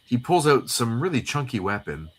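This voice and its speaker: A man's voice: mid-range voice, sing-song, normal speed, fairly bright tone. A man co-hosting a casual comic read-through livestream, recapping the plot in a rambling way with many fillers. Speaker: co-host.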